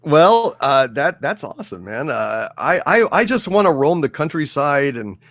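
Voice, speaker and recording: Man, livestream host, reads super chats, halting with fillers, fairly high voice, lively pitch. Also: dry recording. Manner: halting, lots of uh fillers, toasting. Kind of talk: casual livestream chat reading super chats.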